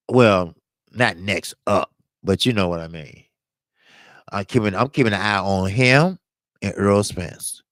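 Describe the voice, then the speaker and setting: A man hosting a boxing talk show, chatting slowly and loosely, jumping from one fighter to the next. He breaks down tactics the way a coach would. His voice sits at an ordinary pitch and sounds close and dry, with no room around it. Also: fairly bright tone, no echo. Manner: rambling, loose and chatty, jumps between topics. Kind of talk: casual boxing talk to a live chat.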